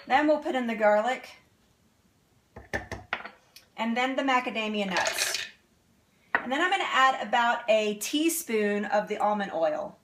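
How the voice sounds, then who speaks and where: Upbeat woman cooking host, home kitchen, slightly high voice, faint pan clatter behind. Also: animated, measured pace, pauses often, background noise. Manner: chatty and upbeat, laughs often. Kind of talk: live cooking demonstration.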